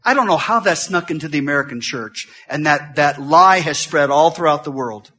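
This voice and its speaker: Preaching as a guest pastor in a church, this middle-aged man talks quickly and shifts from loud outbursts to soft, quiet passages. His voice sits on the high side and is expressive.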